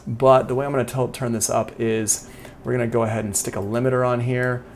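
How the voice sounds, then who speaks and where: A man teaching music production software in a casual, chatty live-streamed tutorial, talking through each step as he demonstrates it. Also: medium pitch, level tone, fairly quick.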